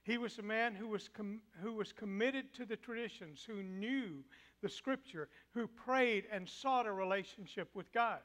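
Guy preaching a sermon in a church, high bright voice, dramatic, goes loud then hushed. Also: normal speed. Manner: dramatic, swings between loud declaiming and soft hush.

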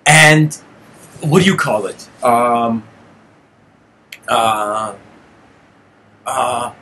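A man hosting his channel, telling a personal story in an animated monologue, addressing listeners as "guys" and getting heated and intense. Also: medium pitch, very slow, a little hiss or hum. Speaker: channel host giving a lecture.

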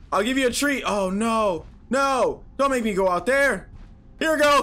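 A man with a high, bright voice works through a horror game out loud. His pitch swings widely as he mutters to himself, curses, and breaks into startled yelps. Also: animated, fast talker. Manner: jumpy, talks to himself, swears, yelps and shouts when startled. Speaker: gaming YouTuber.

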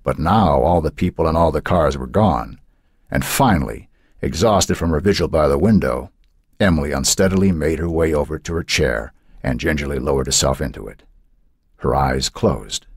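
A man narrating a horror novel in a measured, dramatic way. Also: extremely low pitch, husky, no echo, clean studio sound. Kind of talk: audiobook narration.

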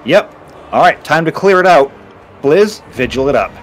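A man's voice: fairly high pitch, expressive, normal speed, slight background noise, poor audio. A man chatting casually and joking with dry teasing while playing a game, with game music behind him. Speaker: game player. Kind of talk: casual gameplay chat.

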